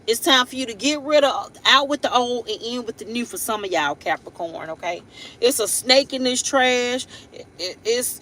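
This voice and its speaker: On a low-quality recording, a live-stream host reads tarot in a high-leaning voice that sounds pushed and bright. Her talk is a blunt, playful ramble full of slang, laughing asides, and frequent tag questions.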